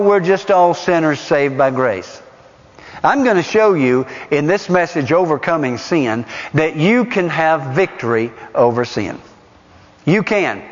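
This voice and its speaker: A man preaching a sermon, emphatic and repetitive, putting questions to the congregation. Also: high voice. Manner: emphatic, repeats phrases for stress; asks the audience rhetorical questions. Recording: dull sound with long hall reverb.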